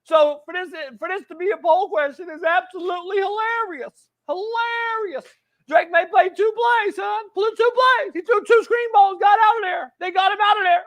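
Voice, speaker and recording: A man's voice: very high voice, moderate pace, pitched above the performer's own voice. A man putting on a fired-up football coach. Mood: mocking. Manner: shouting, preachy, repeats "son". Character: loud fired-up male football coach breaking down film. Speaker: show host. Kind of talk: put-on voice in a podcast film breakdown.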